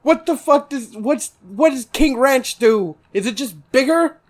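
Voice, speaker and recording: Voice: high-pitched, animated, measured pace. A podcast co-host with a Texan accent in casual chat, laughing often, swearing freely and rambling loosely.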